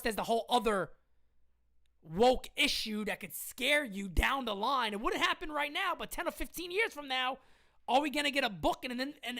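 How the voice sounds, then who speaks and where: A woman hosts a live-stream sports commentary show, answering comments from her chat in an emphatic, argumentative way. Her voice sits high and has a sharp tone.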